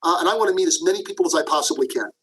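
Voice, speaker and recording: A man's voice: on the high side, racing, slightly rough, low-quality recording. A middle-aged man, a leadership professor, telling stories as a guest on a podcast interview, acting out the quotes and tossing in "okay?" asides. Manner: animated, acts out quotes, frequent "okay?" asides.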